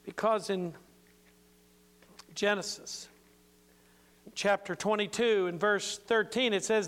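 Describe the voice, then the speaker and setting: A man's voice: sits high, fairly even intonation, slow, long pauses, fairly bright tone. An older man preaching an informal sermon in a folksy, playful way with many asides.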